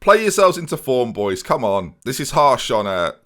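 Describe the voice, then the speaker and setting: A man's voice: mid-range voice, very animated, normal speed, a bit bright. A young man hosting a gaming video, giving casual let's-play commentary in a sardonic, self-mocking way and talking straight to his viewers.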